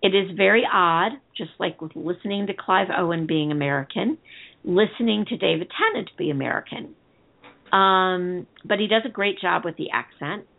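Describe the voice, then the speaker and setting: A woman's voice: fairly low pitch, moderate pace, vocal fry. A woman co-hosting a TV discussion show, chatting casually and rambling as she reads listener comments aloud. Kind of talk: casual chat. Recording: tinny phone-line sound.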